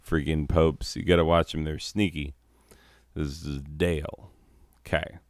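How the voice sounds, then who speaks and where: A man's voice: a bass voice, little pitch movement, measured pace, pauses often, no echo, clean studio sound. A man hosting a gaming video, rambling sarcastically and laughing as he plays. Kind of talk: casual commentary while playing.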